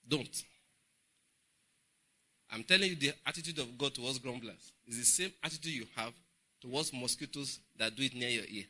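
A middle-aged man with a Nigerian English accent preaching a humorous, animated Bible study sermon in church. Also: medium pitch, normal speed, pauses often. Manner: humorous, laughing, animated storytelling. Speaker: pastor.

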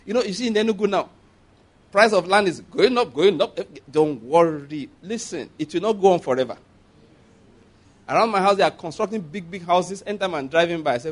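A male preacher with a notably high voice delivers a sermon in a loose, conversational way. He throws questions back at the congregation and drifts into chatty asides. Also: expressive, a little fast. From Nigeria. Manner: conversational preaching with asides and laughter, call-and-response.

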